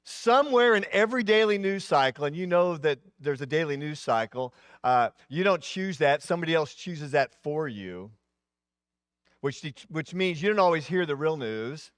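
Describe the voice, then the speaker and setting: Older guy pastor preaching a sermon, voice goes up and down, kinda high, dry mic. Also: normal speed, dry recording. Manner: animated preaching, voice rising and dropping, asides.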